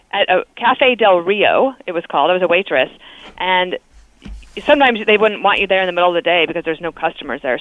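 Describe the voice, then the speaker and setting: A woman's voice: on the low side, no echo. Woman on a tinny phone line. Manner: chatty and candid, with small fillers. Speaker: guest. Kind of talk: phone interview on talk radio.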